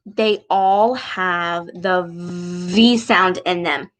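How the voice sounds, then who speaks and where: A speech therapist reads with children during a video speech lesson, her somewhat high voice slow and deliberate. She's animated, with exaggerated sounds and frequent gasps, and the audio is poor.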